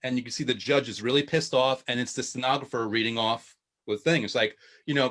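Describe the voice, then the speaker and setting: A man chatting as a show guest, telling animated stories and laughing often. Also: mid-range voice, fairly quick. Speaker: guest, video podcaster. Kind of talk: casual chat.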